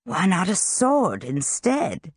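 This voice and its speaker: A playful young male wizard who loves to show off, his lines drawn out at an unhurried pace, as an audiobook reader puts him on. He teases more than he threatens. The sound is close and dry, with no room around it. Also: medium pitch, wildly swooping pitch, slightly rough, no echo, pitched above the performer's own voice, heavily acted. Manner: teasing and showy. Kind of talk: audiobook character reading.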